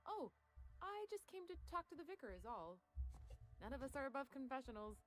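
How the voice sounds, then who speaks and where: A flustered, defensive townswoman in a video game. Her voice is high and jumps around a lot as she protests indignantly. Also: big pitch swings, a little fast, fairly bright tone, soft background music.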